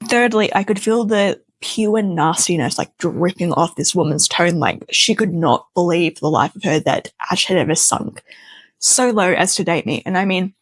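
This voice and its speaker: Speaking in a lowish voice at a normal speed, a young woman recounts a wild personal story, animated and chatty, and does the voices of the people in it. The recording is dry.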